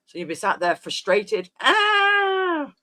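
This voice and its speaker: A woman's voice: on the low side, a little slow, fairly bright tone. Mum in her 50s rambling on her stream, casual chatty reminiscing, keeps trailing off. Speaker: live streamer chatting with viewers. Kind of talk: casual chat.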